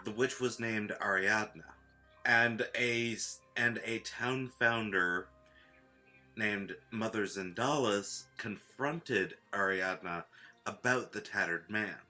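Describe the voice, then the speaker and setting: A man playing a tabletop game, explaining background lore in a measured way. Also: lowish voice, pushed and bright, faint music behind. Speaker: player. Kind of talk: casual tabletop game chat.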